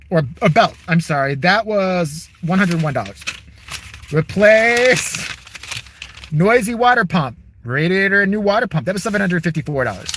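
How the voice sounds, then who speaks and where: A man's voice: high voice, noisy background. A man vlogging from his car, ranting in a sarcastic, profane, exasperated way. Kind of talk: casual profane rant to camera.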